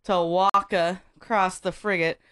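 A woman's voice: lowish voice, steady tone, slow, a bit bright, smooth. A woman co-hosting a comedy podcast, reading a story aloud and breaking into laughter all the time. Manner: laughs constantly while reading.

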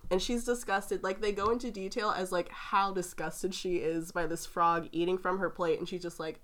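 A woman in casual chat, retelling a fairy tale with frequent giggles and animated storytelling. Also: fairly low pitch, moderate pace, hardly any pauses.

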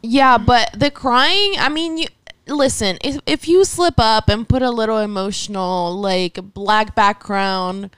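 A woman's voice: fairly high pitch, measured pace, fairly bright tone, clean tone. A young woman in her twenties chatting in a laid-back, drawling way. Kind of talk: casual chat.

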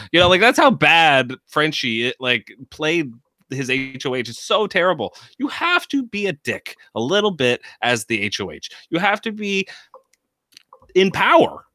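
Animated bright-voiced man. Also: fairly high pitch, normal speed, dry recording, studio quality. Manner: animated, opinionated. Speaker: podcast co-host. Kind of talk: casual chat about a reality show.

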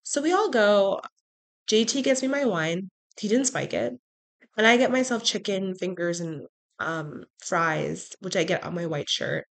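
A woman hosting a podcast, telling a personal story in a frank, animated way with sarcastic asides. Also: mid-range voice, measured pace. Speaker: podcast host. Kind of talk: casual storytelling monologue.

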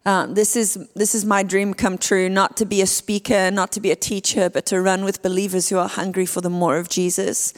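A woman in her thirties with a South African accent, preaching a sermon as a guest speaker in a lively, chatty way. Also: mid-range voice, a little fast, few pauses. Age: 30s. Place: church sanctuary. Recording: church hall with long reverb.

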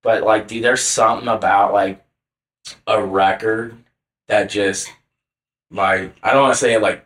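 A man's voice: lowish voice, fairly bright tone, reverberant. A young man co-hosting a casual podcast chat, rambling with lots of filler words and swearing. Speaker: podcast co-host.

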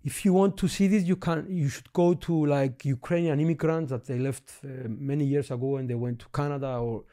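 A man from Cyprus, teaching about languages in conversation, often restarting words and trailing off quietly. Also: on the high side, steady tone, brisk, few pauses. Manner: stammering restarts, trails off softly. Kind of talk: explaining linguistics in conversation.

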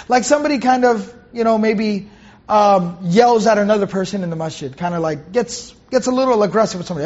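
Reciting Arabic verses, repeating phrases, and asking rhetorical questions, a man gives students a conversational Quran commentary lecture. His voice is very high, darkish, and husky, and the sound is lo-fi.

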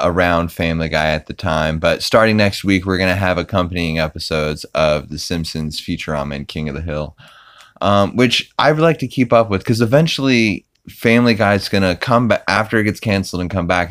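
A man's voice: low voice, fairly bright tone, clear, resonant tone, no echo, studio quality. A young man hosting a podcast, recapping a cartoon episode in a rambling way full of fillers and restarts. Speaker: podcast host.

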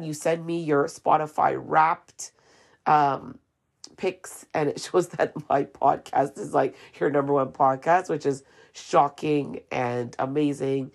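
Opinionated low gravelly woman podcaster. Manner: opinionated, sarcastic and chatty. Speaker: podcast host. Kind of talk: casual solo podcast monologue.

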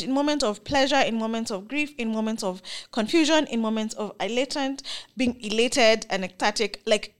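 A young woman with a Kenyan accent giving an earnest, emphatic, faith-filled personal monologue as a vlogger. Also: fairly high pitch.

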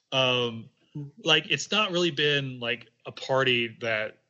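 Bright-voiced rambling young man. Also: mid-range voice, slow pace, highs cut off. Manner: rambling, heavy on filler "like", profane. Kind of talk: casual political chat.

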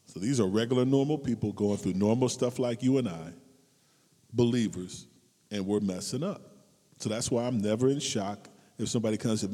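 A man delivers a relaxed, humorous sermon in a mellow, dark-toned voice. He bursts into high, loud exclamations for his stories and falls back to soft, low asides. A long reverb from the hall trails his words. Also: normal speed. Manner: animated, swings between loud high outbursts and low asides, laughs often. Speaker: preacher.

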